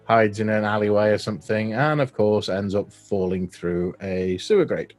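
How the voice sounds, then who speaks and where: A man's voice: fairly low pitch, fairly even intonation, normal speed. Wry man recapping a film. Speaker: podcast co-host. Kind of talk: casual film discussion.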